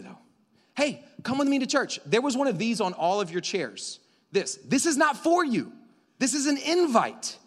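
A young man in his twenties preaches a sermon in a church sanctuary, his voice sitting a little high. He swings between excited, loud bursts and soft, intimate passages. A long hall reverb trails behind every phrase. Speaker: pastor.

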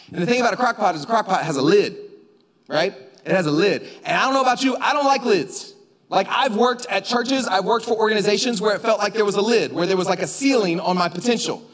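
A man preaching a sermon in a church, talking conversationally and rising to shouts for emphasis. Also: high voice, quick pace. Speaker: pastor. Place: church sanctuary. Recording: long reverb of a church hall.

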